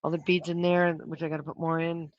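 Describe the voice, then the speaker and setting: A prop maker chats casually on a livestream while working, thinking aloud and counting up costs. The voice sits at a middling pitch. The sound is dry and close, with dull, lo-fi livestream audio. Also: flat delivery, fairly quick, dry recording.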